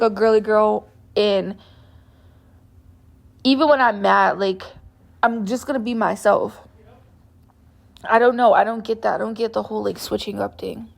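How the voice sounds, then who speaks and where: A woman's voice: on the high side, gravelly. A young woman vlogger chatting casually through a story time, meandering and saying "like" constantly. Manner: chatty and meandering, heavy use of "like".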